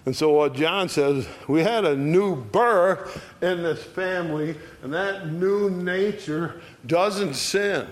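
A man teaching an adult Bible study in a folksy, conversational way, often checking in with the class. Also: mid-range voice.

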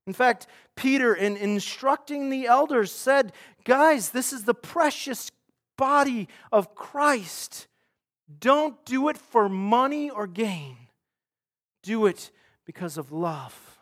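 High-voiced preaching man, loud and hushed. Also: lively intonation, slow. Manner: earnest preaching, swings from loud emphasis to hushed. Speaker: pastor. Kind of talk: sermon.

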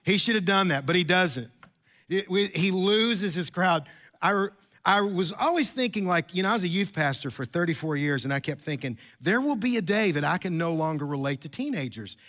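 A man's voice: high voice, lively intonation, moderate pace, a bit bright. A pastor in his fifties giving a sermon in a chatty, joking storytelling way with many restarts.

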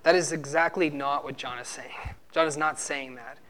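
A man's voice: a little high, steady tone, normal speed, a bit bright, slight background noise. Emphatic male preacher arguing a point. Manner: emphatic, argumentative teaching with rhetorical questions. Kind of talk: sermon.

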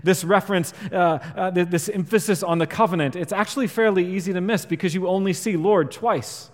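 A man's voice: high-pitched, fairly quick. Earnest man preaching in an echoing hall. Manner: earnest, swells louder on key points and drops quiet on scripture. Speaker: pastor. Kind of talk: sermon. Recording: long reverb of a large hall.

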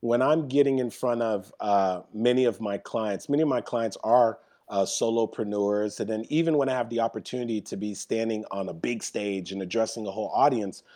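A man's voice: lowish voice, a little fast, few pauses. A man, a guest speaker, telling a personal story on a podcast interview and acting out the voices in it. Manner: animated storyteller, acts out quotes.

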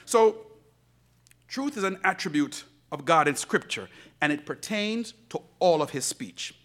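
A man delivering a sermon as pastor. His voice sits high and swoops widely, moving from quiet, low asides to loud, emphatic peaks. His tone is bright, and he breaks into laughter now and then. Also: measured pace. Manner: animated preaching, rising to shouts, laughing asides; swings between soft low asides and loud emphatic lines.

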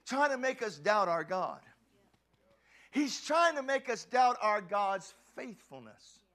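Passionate shouting preacher man. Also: sits high, big pitch swings, slow pace. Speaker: pastor. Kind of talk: sermon.

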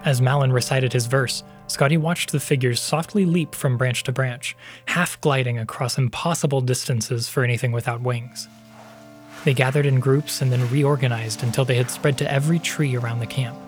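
A man narrating a fantasy story as the podcast's host, in even, measured storytelling. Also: medium pitch, faint music behind. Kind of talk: scripted audiobook narration.

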